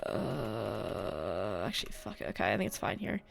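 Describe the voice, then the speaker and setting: A woman's voice: a bass voice, sing-song, normal speed, gravelly. A woman hosting a casual let's-play, rambling and swearing in frustration as she plays. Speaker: gaming channel host.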